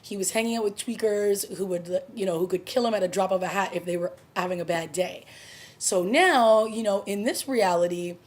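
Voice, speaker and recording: A woman's voice: mid-range voice, moderate pace. A woman casually reviewing a TV episode, recapping the plot in a chatty, conversational way. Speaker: TV review vlogger.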